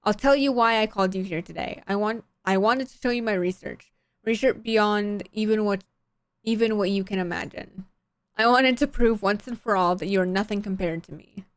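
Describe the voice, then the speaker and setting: A woman's voice: medium pitch, normal speed, no room sound, close to an everyday voice. Woman voicing a sneering, arrogant scientist father. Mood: ranting. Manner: sneering, contemptuous. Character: bitter arrogant middle-aged scientist father. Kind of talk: voicing visual novel characters.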